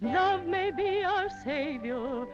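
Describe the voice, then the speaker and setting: A woman singing as a wistful woman dreaming of love in a 1930s musical, with slow, soaring operatic singing. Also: very high-pitched, expressive, music in the background, heavily acted. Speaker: singer in a film musical number. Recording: dull 1930s film soundtrack with orchestra.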